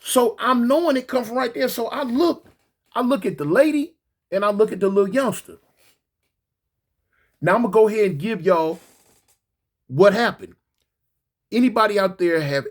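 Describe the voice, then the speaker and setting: An animated storyteller with a husky voice, spinning a casual tale in slangy speech. The pitch swings widely, and the teller keeps repeating words and slipping into acted-out voices. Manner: acts out voices in quotes.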